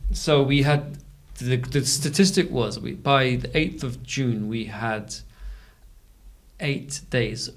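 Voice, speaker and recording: A man co-hosting a news podcast, talking casually and pausing often to gather his thoughts. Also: mid-range voice. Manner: conversational, hesitant with fillers. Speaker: podcast co-host, journalist. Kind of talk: casual chat.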